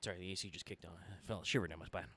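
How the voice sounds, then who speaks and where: A man's voice: sits low, fairly even intonation, rapid-fire, a bit bright, no echo. A man streaming a video game, chatting casually in a rambling, joking way with swearing. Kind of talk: casual let's-play chat.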